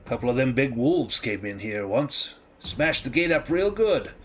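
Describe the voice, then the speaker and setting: A man's voice: medium pitch, very animated, moderate pace, slight background noise, close to an everyday voice. Man voicing a rustic, rambling graveyard keeper. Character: folksy male graveyard keeper, easygoing.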